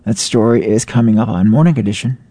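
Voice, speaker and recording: Deep, dark-voiced male newscaster. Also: no echo. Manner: measured newsreader delivery. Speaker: local newscaster. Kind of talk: radio news reading.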